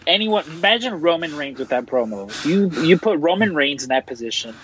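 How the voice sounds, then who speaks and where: A man guest co-hosting a podcast in relaxed, casual chat, with fillers as he weighs his points. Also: on the high side, a little fast, a little hiss or hum, poor audio. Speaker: guest co-host.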